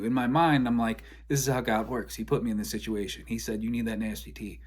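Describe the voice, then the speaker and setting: A young man from Michigan telling a long story in a casual, animated way, acting out both sides of the conversations. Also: mid-range voice, a little fast.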